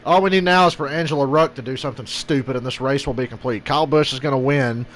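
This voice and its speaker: A man's voice: medium pitch, fast, fairly bright tone, slight background noise. A man hosting a live race reaction stream, talking casually and bluntly, swearing often as he rants.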